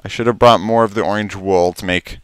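A man's voice: on the low side, fairly even intonation, fairly quick, clear, resonant tone, dry recording. A man giving casual, rambling commentary while playing a game, talking to himself and stammering when surprised. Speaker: Let's Play commentator.

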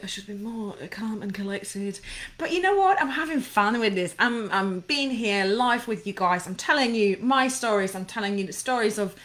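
During a casual live stream, a woman coaches people through anxiety, reacting to viewer comments in a bubbly, effusive way and rambling with plenty of fillers. Her voice is medium-pitched with a fairly bright tone.

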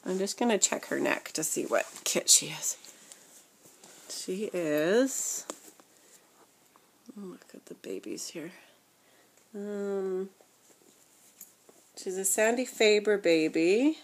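A woman's voice: medium pitch, animated, slow pace, long pauses, slight background noise. Chatty woman showing her dolls. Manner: chatty and rambling, with fillers and self-corrections; talks softly, sometimes dropping to a near whisper. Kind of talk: casual chat.

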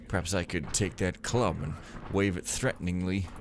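Sarcastic rambling male gamer, lowish voice. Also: unhurried, slight background noise. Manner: sarcastic, rambling, deadpan jokes. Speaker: let's play gamer. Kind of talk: casual gameplay commentary.

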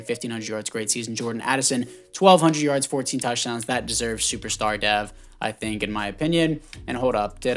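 A gaming YouTuber with a medium-pitched male voice provides casual commentary on a football video game. He's chatty and thinks out loud, often tripping over names and correcting himself.

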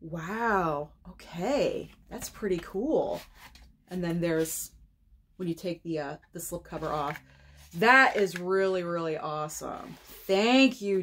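Gushing, excitable American woman unboxing. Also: on the low side, slow, slight background noise. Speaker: movie collector vlogger. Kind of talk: casual unboxing chat.

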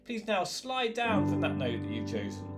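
A man leading a choir rehearsal, gently giving instructions, counting in and singing short lines for the singers to repeat. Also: on the high side, huge pitch swings, moderate pace, soft background music. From England. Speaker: choir leader. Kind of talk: online choir rehearsal, call and response.

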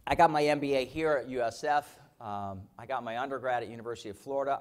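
A man in his fifties giving an energetic motivational keynote as a company founder, telling stories and often checking in with his audience. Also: mid-range voice, fast talker. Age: 50s. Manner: energetic, storytelling, keeps checking in with "okay?". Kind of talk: motivational conference talk. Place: conference stage.

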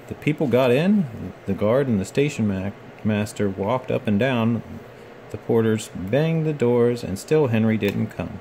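A man reading a children's picture book aloud in a gentle, measured storytelling manner. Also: medium pitch, lively intonation, slight background noise.

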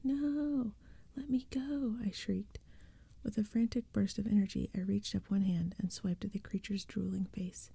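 A woman reading a spooky children's story in a soft, breathy whispered role-play, close to the mic. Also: mid-range voice, fairly even intonation, normal speed, dry recording. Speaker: ASMR storyteller.

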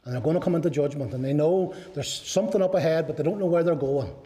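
A man preaching earnestly, slightly high voice. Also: fast, dark tone. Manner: earnest preaching with rhetorical questions. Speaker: pastor. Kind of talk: sermon.

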